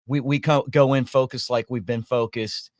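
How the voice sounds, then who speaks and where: Man, play-by-play announcer, podcast host, relaxed conversational replies, mid-pitched voice, dry sound. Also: moderate pace, no room sound. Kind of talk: casual sports podcast chat.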